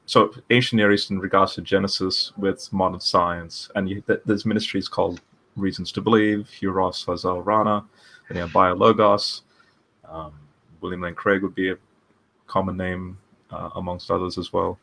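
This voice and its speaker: Guy hosting a video call interview, kinda low voice, rambles and restarts a lot. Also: creaky, fairly bright tone. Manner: rambling, many restarts and fillers. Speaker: podcast host interviewer. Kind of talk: casual interview chat.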